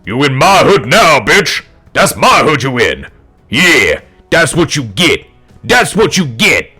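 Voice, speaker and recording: A man voicing a brash gangster crocodile who talks with a Bronx accent and loud trash-talking swagger. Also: a little high, very animated, slow pace, husky, soft background music, pitched above the performer's own voice, full character voice. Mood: yelling taunts.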